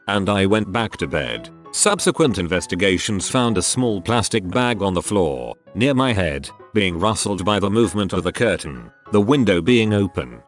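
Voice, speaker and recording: A man reading online posts aloud as scripted narration, lively and expressive with dry asides. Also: fairly low pitch, moderate pace, hardly any pauses, faint music behind.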